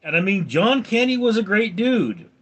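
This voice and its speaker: A Californian man in his forties hosts a casual livestream, reading viewers' comments aloud and answering them dryly. His high-pitched voice swings widely in pitch, moving at a moderate pace with a fairly bright, breathy tone.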